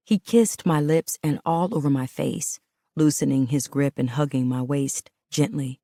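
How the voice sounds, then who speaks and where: A woman with a strikingly low, deep voice narrates a first-person audiobook, intimate and emotional in tone. Her delivery is mellow and a little slow. The recording is dry and close-miked with no room sound.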